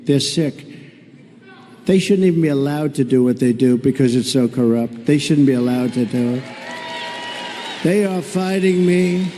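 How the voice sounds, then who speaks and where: A man's voice: medium pitch, moderate pace, long pauses, dark tone, slight background noise. Boastful man giving a rally speech, echoing hall. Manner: repetitive, boastful, mocking. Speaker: political candidate at a rally. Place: large indoor venue with a crowd. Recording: long reverb of a big hall.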